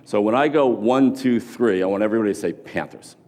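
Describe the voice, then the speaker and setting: Middle-aged male keynote speaker, animated storyteller, low voice, long hall reverb. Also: a little fast. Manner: animated storyteller, shouts to rouse the crowd. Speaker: motivational speaker. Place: large hall with an audience.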